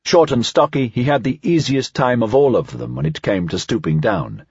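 Husky man reading an audiobook. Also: mid-range voice, lively intonation, normal speed, darkish tone, no room sound, lo-fi sound. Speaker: audiobook narrator. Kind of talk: scripted narration.

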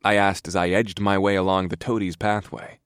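A man's voice: low-pitched, level tone, normal speed, clear, resonant tone, no room sound, studio quality. A man narrating a first-person fantasy audiobook in a wry, grumbling, understated manner.

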